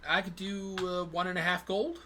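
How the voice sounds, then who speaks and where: A man's voice: high voice, fairly even intonation, moderate pace, bright, forceful tone, a little hiss or hum, pitched above the performer's own voice. A man voicing a friendly, eager male tanner selling belts and pouches in a tabletop game. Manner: friendly, salesman-like.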